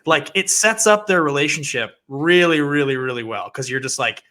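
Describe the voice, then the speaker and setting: A keen podcast co-host, a man whose voice sounds bright and somewhat high. He retells film scenes with relish and voices the characters' lines as he goes. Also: big pitch swings, moderate pace, hardly any pauses. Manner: enthusiastic, retells scenes with acted-out dialogue. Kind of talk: casual movie podcast chat.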